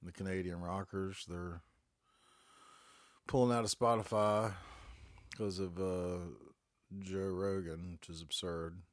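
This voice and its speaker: Man, late 40s, very deep voice, down-in-the-dumps solo podcaster, stuffy cold, dry home recording. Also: steady tone, takes it slowly, pauses often, no echo. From North Carolina, US. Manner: glum, rambling, heavy cursing. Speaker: podcast host. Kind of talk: casual solo podcast monologue. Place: back bedroom at home. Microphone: phone.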